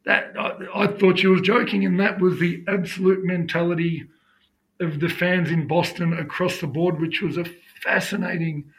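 A man's voice: high voice, little pitch movement, moderate pace. An Australian man co-hosting a sports podcast, chatting conversationally and steering the talk between topics. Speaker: podcast co-host. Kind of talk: casual chat.

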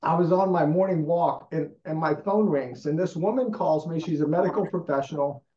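Emphatic male guest, slightly high voice, echoey and muffled. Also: a little fast. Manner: emphatic, animated. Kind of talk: enthusiastic storytelling in conversation. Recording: echoey, dull lo-fi sound.

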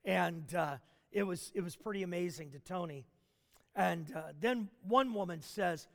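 A man telling a story in a sermon, animated, with frequent restarts and fillers. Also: high-pitched, measured pace, gravelly. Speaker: preacher. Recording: long hall reverb.

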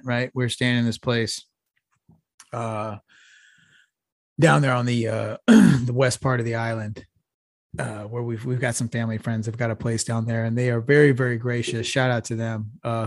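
A middle-aged Texan co-hosting a podcast tells a rambling, profane story in casual conversation, laughing often in a laid-back way. His voice is mid-range. The studio-quality recording has no echo.

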